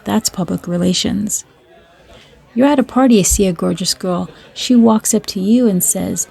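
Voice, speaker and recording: A woman's voice: medium pitch, normal speed, creaky, darkish tone, slightly rough, a faint crowd. A woman storyteller reading short stories and jokes aloud in a dry, matter-of-fact way.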